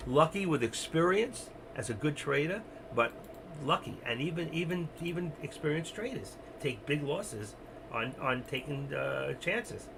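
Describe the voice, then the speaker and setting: A man's voice: fairly high pitch, expressive, measured pace, creaky, background noise. A man hosting a trading livestream, talking casually and rambling, mocking himself and speaking straight to his viewers. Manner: rambling, self-deprecating, talks straight to viewers. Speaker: options trading livestream host.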